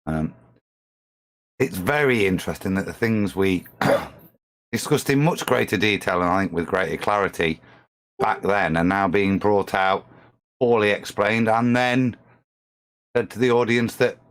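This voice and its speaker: Deep-voiced man chatting. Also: a little slow, long pauses. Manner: chatty and detailed, thinks aloud. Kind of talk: casual live-stream chat.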